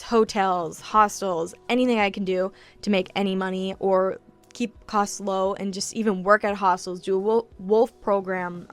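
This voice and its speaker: A woman in her early twenties telling her travel story in a chatty, confessional way, full of "like" fillers and casual swearing, sometimes close to tears. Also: mid-range voice. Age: early 20s. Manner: emotional, close to tears at times. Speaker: travel vlogger.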